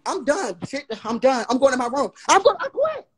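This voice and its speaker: A drunk young man on a livestream, loudly complaining and exasperated. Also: very high voice, huge pitch swings, moderate pace. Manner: loud, exasperated, slurring complaints. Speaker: livestream guest.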